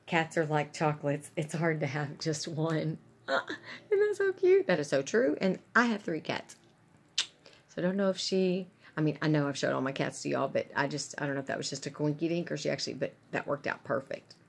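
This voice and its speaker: A woman's voice: sits low, brisk, gravelly, husky. A woman chatting casually and gushing to her viewers about gifts she is unboxing. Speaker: vlogger.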